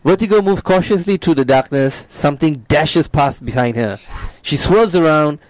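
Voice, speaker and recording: A man's voice: fairly high pitch, normal speed, no echo, rough recording. A man hosting a casual show, reading a screenplay's stage directions aloud. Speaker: host, script narrator.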